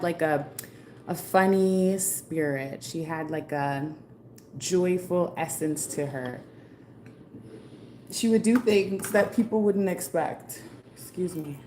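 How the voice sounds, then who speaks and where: Low-voiced woman doing spirit readings. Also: darkish tone, slight background noise. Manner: chatty, rambling, relays spirit messages. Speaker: psychic card reader. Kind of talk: live-stream spirit reading.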